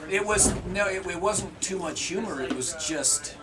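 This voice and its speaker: A man's voice: high-pitched, lively intonation, normal speed, heavy background noise. A man chatting casually at a tabletop game session, rambling through a story with many fillers. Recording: distant mic, loud table chatter.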